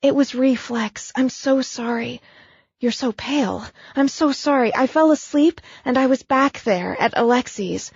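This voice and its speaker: A woman playing a frightened earnest young woman, raised high voice, lo-fi muffled, dry. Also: measured pace, husky, no room sound, full character voice. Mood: apologetic.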